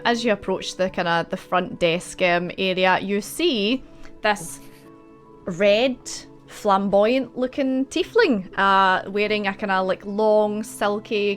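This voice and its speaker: A woman's voice: medium pitch, steady tone, unhurried. Woman, game master, casual rambling narration, fillers, faint background music. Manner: casual, rambling, full of likes and kindas.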